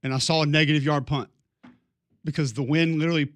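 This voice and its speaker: A man with a fairly high voice co-hosts a morning sports radio show from a dry, close-miked studio. He banters in a playful Australian punter bit, tossing "mate" into his lines. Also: steady tone, fast, no room sound. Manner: joking, plays an Australian punter calling everyone "mate". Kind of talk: casual sports talk.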